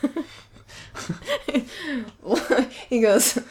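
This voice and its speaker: A woman's voice: high-pitched, lively intonation, background noise. Giggly, chatty woman in an interview. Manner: giggly, chatty, quick to laugh. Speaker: filmmaker interviewee. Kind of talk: casual interview chat.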